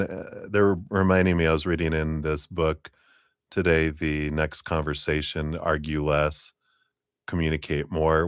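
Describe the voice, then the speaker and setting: A man's voice: a bass voice, dry recording, clean studio sound. A man giving a live-streamed tarot reading to a viewer, chatty and rambling, who acts out the voices of the people he quotes. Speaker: tarot reader.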